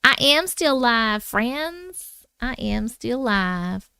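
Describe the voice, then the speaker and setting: Woman livestream host, playful and chatty, unhurried, dry close sound. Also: a little high, sing-song, creaky, pushed and bright, smooth, no room sound. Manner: playful, chatty, talks to herself. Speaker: host reading viewer stories. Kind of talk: casual livestream chat.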